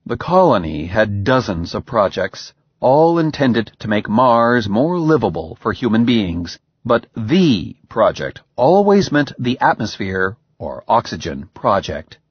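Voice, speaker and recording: A man narrating an audiobook in an expressive, measured way. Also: on the low side, husky, dry recording. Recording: slightly dull, dry recording.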